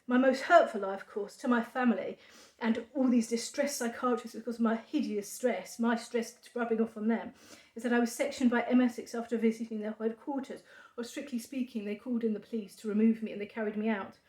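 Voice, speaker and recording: A woman talking to camera in a halting monologue of dry sarcasm, full of fillers. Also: fairly high pitch, steady tone, a little mellow. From United Kingdom. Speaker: vlogger. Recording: echoey room.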